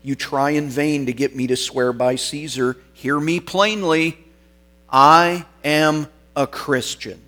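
A man voicing an aged bishop who faces death, speaking clearly, firmly and solemnly in a sermon story. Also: medium pitch, level tone, moderate pace, few pauses, natural voice. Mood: resolute. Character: aged male bishop facing death, calm and unshakable.

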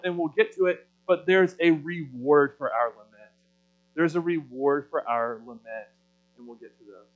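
A man's voice: a little high, fairly bright tone, dull audio. A man preaching a sermon in a loose, conversational way, with many fillers and restarts.

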